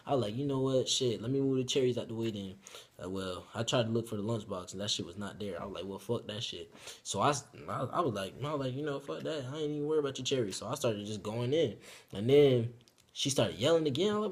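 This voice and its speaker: Give me a young man with a husky, middle-pitched voice rambling through a profane story time. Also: expressive, quick pace. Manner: profane, rambling, with loud outbursts.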